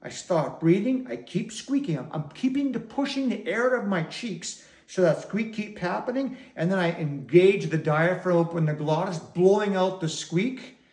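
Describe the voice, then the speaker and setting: A man's voice: sits high, animated, normal speed, few pauses, darkish tone, reverberant. A man teaching didgeridoo, patiently explaining circular breathing step by step. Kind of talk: instructional demonstration.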